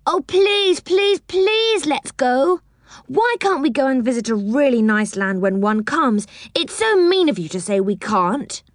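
A woman's voice: fairly high pitch, sing-song, normal speed, hardly any pauses, dry recording, clean studio sound. A woman voicing an impatient little girl in a read-aloud story, begging and a little whiny. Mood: pleading.

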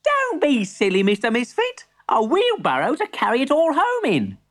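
A woman's voice: high-pitched, huge pitch swings, moderate pace, heavy background noise, voice pushed up. A woman voicing a polite, earnest little boy who does his granny's shopping in a storybook. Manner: eager and polite. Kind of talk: storybook character voice.

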